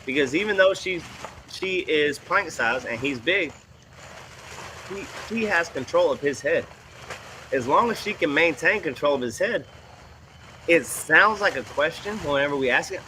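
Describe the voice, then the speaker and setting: A man who trains horses, commenting on student videos in a folksy, animated way. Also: on the high side, moderate pace, slight background noise. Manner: folksy, animated, puts on voices for quoted people and horses.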